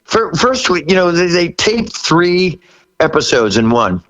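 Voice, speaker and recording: The audio is dull as a rock singer in his sixties, a guest in a casual interview, tells a story in an unhurried, sing-song way. His voice is a bit bright, laughter comes often, and he jumps high in pitch to quote himself.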